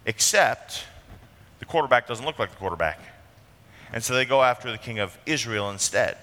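Brief: male pastor, bright and forceful tone, conversational sermon full of rhetorical questions, long reverb in the church. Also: mid-range voice, animated, moderate pace. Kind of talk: expository sermon.

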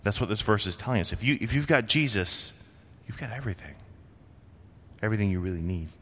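A man's voice: fairly low pitch, animated, fast talker, a bit bright, in a large hall. A man from Vermont preaching a sermon as a pastor, in a conversational way with frequent rhetorical questions. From Vermont, USA.

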